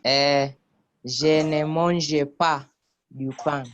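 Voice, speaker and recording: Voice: medium pitch, steady tone, extremely slow, a bit bright. A student answering a French exercise hesitantly during an online class. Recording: muffled call with faint noise.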